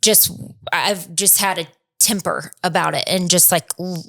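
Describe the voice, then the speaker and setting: Lowish-voiced self-deprecating woman co-host. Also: steady tone, vocal fry, a bit bright. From North Carolina, USA. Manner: self-deprecating, jumps in with quick asides. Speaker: podcast co-host. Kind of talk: casual chat.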